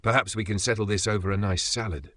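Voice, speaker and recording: Man as a mock-suave bumbling spy, lowish, dry. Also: steady tone, quick pace, a bit bright, dry recording, lightly acted. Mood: deadpan. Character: bumbling male secret agent, smug.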